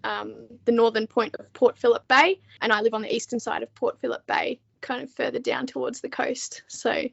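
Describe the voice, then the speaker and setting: Aussie woman on a podcast, laughs a lot, kinda high voice, slightly muffled audio. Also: steady tone, moderate pace, vocal fry, fairly bright tone. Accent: Australian. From Australia. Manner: chatty, laughs often, many ums. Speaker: podcast guest, book editor. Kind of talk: casual interview chat.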